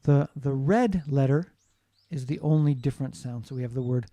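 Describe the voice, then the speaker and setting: A man delivers a recorded lecture in a deep, very mellow tone. He explains things patiently and often checks in with his listeners. The sound is dry and close, with almost no room around it. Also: moderate pace, no room sound. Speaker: teacher.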